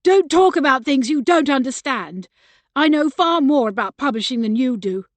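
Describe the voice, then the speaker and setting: Reading an audiobook, a woman takes on the role of a resentful, troubled younger brother who is bitter and agitated. Expressive and at normal speed, she raises his voice insistently, a little high in pitch, as he pushes hard. The sound is close and dry with no echo.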